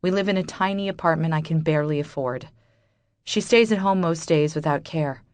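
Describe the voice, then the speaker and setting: A woman's voice: deep voice, brisk, no echo. A woman narrating a first-person romance audiobook in a bitter, wry inner-monologue manner.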